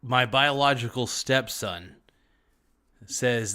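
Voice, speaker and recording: A man's voice: medium pitch, unhurried, long pauses, fairly bright tone. A man hosting a live stream, chatting casually and reading viewer comments, joking off the cuff and laughing often. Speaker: livestream host.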